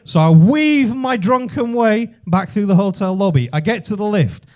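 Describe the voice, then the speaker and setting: High-voiced English man telling profane jokes. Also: moderate pace. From England. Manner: profane, animated storytelling with shouted punchlines. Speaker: stand-up comedian. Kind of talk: stand-up comedy set. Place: comedy club stage.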